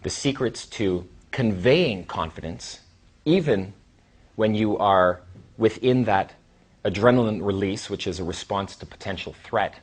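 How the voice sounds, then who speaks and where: A man in his thirties giving a casual, rambling seminar talk as a trainer, with sighs and long pauses. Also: fairly low pitch, breathy edge. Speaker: dating coach and trainer.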